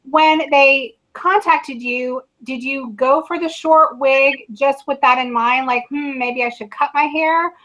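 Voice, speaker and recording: A woman's voice: sits high, fairly even intonation, measured pace, hardly any pauses, bright, forceful tone, rough recording. A woman hosting a livestream chat, asking her guest questions and reading out questions from viewers. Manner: asks questions, reads viewer questions. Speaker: livestream host. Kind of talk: casual chat.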